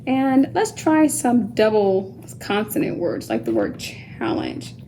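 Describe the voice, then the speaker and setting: A woman teaching a children's phonics lesson, speaking slowly and patiently, sounding out words syllable by syllable and sometimes dropping to a soft whisper. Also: mid-range voice, huge pitch swings, a little hiss or hum, rough recording. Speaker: homeschool teacher.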